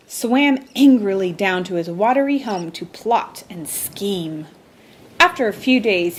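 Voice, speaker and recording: A woman reading a children's storybook aloud with slow, emphatic, expressive delivery. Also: mid-range voice, slight background noise.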